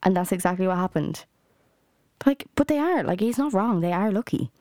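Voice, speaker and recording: A woman's voice: mid-range voice, expressive, a little fast, mellow, no echo, studio quality. A young adult woman hosting a solo podcast, ranting in a heated way with lots of swearing and "like" fillers. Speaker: podcast host.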